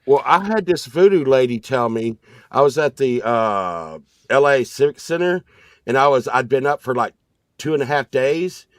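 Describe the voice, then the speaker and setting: A man's voice: medium pitch, moderate pace, no room sound. Rambling storyteller man, dry close mic. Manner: animated storyteller, excited and rambling. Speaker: podcast co-host. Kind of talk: casual storytelling chat.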